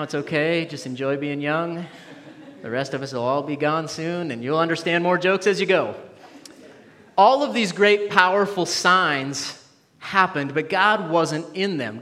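Earnest higher-voiced male pastor preaching. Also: sharp tone, long reverb tail. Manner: earnest, with quips to the congregation. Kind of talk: sermon. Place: church.

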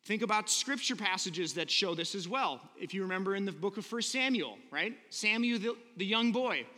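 A man's voice: high-pitched, expressive, moderate pace, pushed and bright, in a large hall. A man preaching a sermon in a conversational, earnest way, often asking the listeners rhetorical questions. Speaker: pastor.

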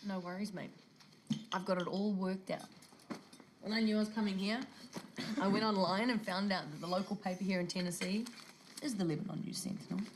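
A woman's voice: mid-range voice, steady tone, brisk, pauses often, a little hiss or hum, close to an everyday voice. A woman with a New Zealand accent playing a brash, car-loving stuntwoman in film dialogue who talks cheekily and swears freely. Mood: cheeky.

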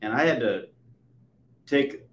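A man in his forties hosting a podcast, telling stories with animated swings between loud and soft. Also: medium pitch, takes it slowly. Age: 40s. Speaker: podcast host. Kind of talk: conversational interview. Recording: roomy echo.

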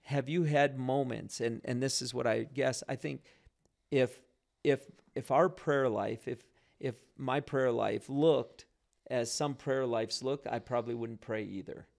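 Casting: gravelly-voiced man, pastor type, earnest and reflective, conversational. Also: mid-range voice, steady tone, unhurried, darkish tone. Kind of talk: casual faith conversation.

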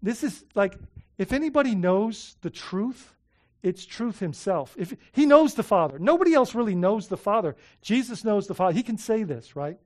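A man preaching a sermon as pastor, animated, often repeating himself and asking his listeners rhetorical questions, moving between loud emphasis and soft heartfelt asides. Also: high-pitched, moderate pace.

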